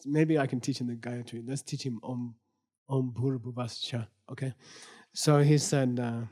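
A man's voice: mid-range voice, mellow, husky. A man teaching a Buddhist text aloud. He reads passages in another language, explains them in plain speech, often repeats himself, and keeps checking in with his listeners. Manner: laughs at times and tells the story with humor. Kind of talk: lecture reading a Tibetan text aloud and explaining it line by line.

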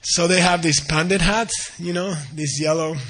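A man telling a teaching story in a casual, animated, rambling way with many fillers. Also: fairly high pitch, moderate pace.

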